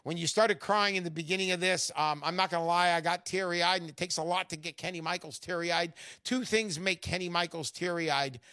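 A man's voice: high voice, fairly even intonation, fairly quick, few pauses, clear, resonant tone, no room sound, studio quality. Brash salesy male radio host. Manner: brash and salesy, swings loud. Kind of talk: call-in radio show.

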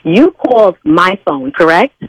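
A woman's voice: medium pitch, sing-song, unhurried, vocal fry, breathy edge, dry recording. An older woman, a church sign language interpreter, arguing on a phone call in a stern, lecturing way. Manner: stern, lecturing, escalating to threats. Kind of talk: phone argument.

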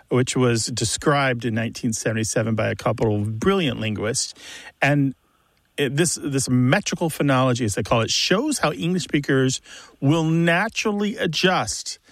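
A man's voice: mid-range voice, dry recording. A man co-hosting a radio call-in show, explaining word pronunciation with enthusiasm. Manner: explanatory, enthusiastic about words.

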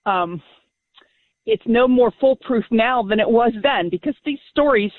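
A woman's voice: on the high side, a little slow, no echo. Firm woman caller on a tinny phone line. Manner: firm, convinced, speaking from personal conviction. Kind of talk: call-in talk radio. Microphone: telephone.

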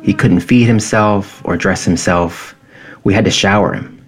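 A man in his thirties reading his own personal essay in a quiet, measured, reflective way. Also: low voice, fairly even intonation, slight background noise.

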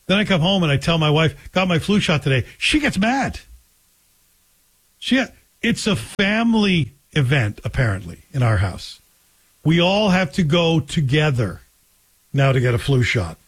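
Middle-aged man, talk radio host, husky voice, wry conversational monologue. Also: fairly high pitch, sing-song, unhurried. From Scotland. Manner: wry, joking, conversational storytelling.

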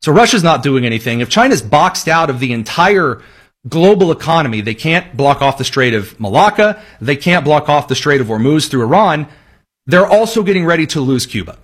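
A man hosting a solo political commentary show, talking emphatically with sarcastic asides. His voice sits somewhat high for a man, and his delivery stays pointed and opinionated. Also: big pitch swings, moderate pace, a bit bright, husky.

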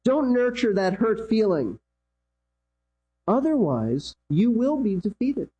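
Male pastor, emphatic sermon delivery, husky and mellow, repeats for emphasis. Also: big pitch swings, slow pace, poor audio. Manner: emphatic preaching, repeats key lines, pitch swings.

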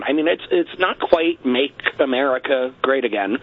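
A man's voice: mid-range voice, lively intonation, moderate pace, few pauses, phone-quality sound, a little hiss or hum. A Canadian man giving a tongue-in-cheek radio interview, wry and full of stock phrases like "quite frankly". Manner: wry, repeats "let's be honest" and "quite frankly". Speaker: guest with a satirical platform.

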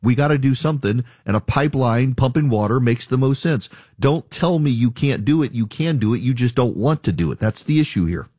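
A man's voice: mid-range voice, expressive, brisk, hardly any pauses, a little mellow, breathy edge, no room sound. A man hosting a talk radio show, delivering an emphatic, argumentative monologue in the studio. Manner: emphatic, argumentative, mocking callers' objections.

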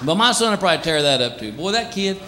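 A man doing stand-up comedy, animated and slipping into quick voices for his bits. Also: high-pitched. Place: live comedy venue with laughing audience. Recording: live stage recording with crowd noise.

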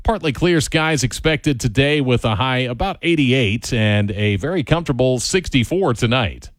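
A radio host introducing songs and reading the weather in a friendly announcer delivery. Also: male voice, mid-range voice, expressive, normal speed, dry recording.

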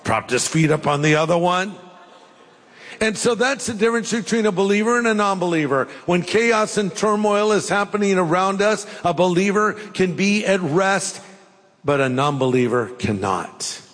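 An older man preaching a sermon, telling folksy stories with jokes and pauses. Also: sits high, a bit bright. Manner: folksy, jokey storytelling with pauses. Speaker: pastor. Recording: long hall reverb.

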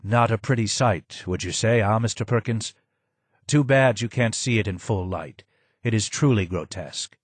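Man reading hoarse, low-voiced old advisor, slow, sad, dry mic. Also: no echo. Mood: sorrowful. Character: broken old male former royal advisor, hoarse, sad.

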